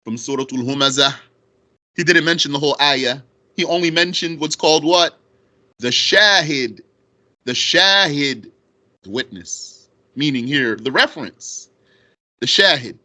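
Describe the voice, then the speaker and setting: A man teaching Arabic grammar in at a very unhurried pace, his voice bright and a little high. He repeats each term and asks rhetorical questions as he walks through a verse. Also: animated. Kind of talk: explaining grammar on a recorded lesson.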